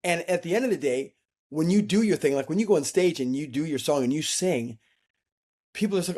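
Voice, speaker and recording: A man's voice: on the high side, brisk, darkish tone. A man speaking as an interview guest, telling reflective stories and acting out the voices he quotes, with frequent restarts. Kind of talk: reflective conversational storytelling.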